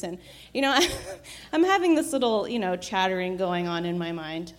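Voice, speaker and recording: Woman just telling a story from her life, thoughtful, lots of ums and little laughs, normal mid pitch. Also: animated, normal speed. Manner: reflective, laughs often, many fillers and restarts. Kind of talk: casual personal storytelling.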